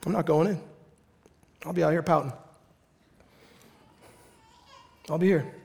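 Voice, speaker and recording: A pastor voicing a jealous older brother who pouts and whines about being left out. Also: male voice, high voice, normal speed, long reverb tail. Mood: sulky. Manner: whiny, pouting complaints. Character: sulking, jealous older brother, young man.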